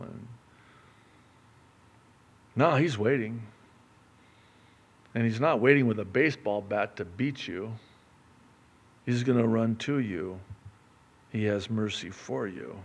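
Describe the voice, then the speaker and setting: A man's voice: mid-range voice, vocal fry. A man from the Middle East preaching a sermon with passion, acting out the story in character voices. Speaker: pastor.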